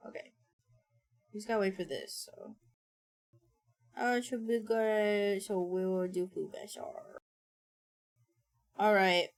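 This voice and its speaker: Slow, gravelly woman streamer muttering. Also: medium pitch, fairly even intonation. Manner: mumbles to herself, thinks aloud. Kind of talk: casual streaming chatter. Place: home streaming setup.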